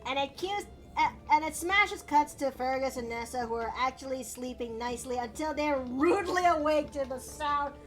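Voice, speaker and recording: A woman's voice: high voice, moderate pace, few pauses, a bit bright. A woman streaming while she draws, chatting casually, giggling and rambling with many restarts. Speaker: streamer and artist.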